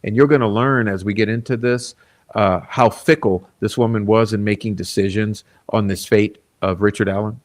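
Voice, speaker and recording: A man's voice: lowish voice, steady tone, moderate pace. A man hosting a true crime live stream, talking bluntly and emphatically, often checking in with "okay?" and swearing casually. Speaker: true crime channel host. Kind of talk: live-stream commentary reading and reacting to quotes.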